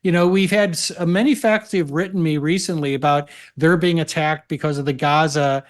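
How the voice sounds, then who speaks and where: Man giving measured legal commentary. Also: fairly high pitch, fairly even intonation. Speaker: legal analyst guest. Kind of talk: political talk show conversation.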